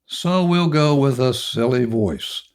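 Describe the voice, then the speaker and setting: A middle-aged man speaks slowly and deliberately as he guides a self-help exercise. His voice sits at a middle pitch, and he addresses the listener directly in a calm, instructive way. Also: smooth. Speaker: podcast host.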